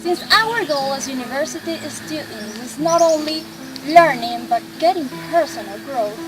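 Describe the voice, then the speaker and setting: A woman's voice: sits high, rough recording. A university student woman earnestly presenting her class project in a formal tone. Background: loud guitar music.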